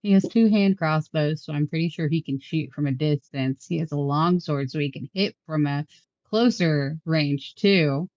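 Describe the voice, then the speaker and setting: Woman player, low, anxious-jokey, dull lo-fi dry mic. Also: moderate pace, darkish tone, dry recording. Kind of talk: tabletop role-play chat.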